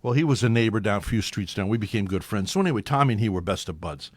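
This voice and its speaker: A man's voice: fairly low pitch, fast, no room sound. A man who hosts a local talk radio show, telling a rambling anecdote in casual conversation and acting out other people's lines along the way. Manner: animated, rambling, acts out other people's voices.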